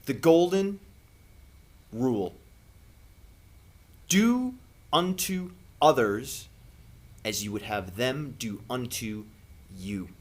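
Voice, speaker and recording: A man giving an impassioned spiritual monologue to camera as a vlogger, earnest and preachy, with long dramatic pauses. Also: mid-range voice, animated, darkish tone.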